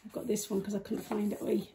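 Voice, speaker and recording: A woman's voice: mid-range voice, warm tone, a little hiss or hum. A woman co-reading a children's picture book aloud, giggly and self-deprecating in playful banter.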